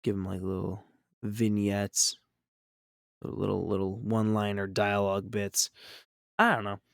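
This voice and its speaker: A man's voice: lowish voice, flat delivery, measured pace, gravelly, dry recording, clean studio sound. A man painting on a live stream, chatting casually and reacting to chat in an upbeat, rambling way.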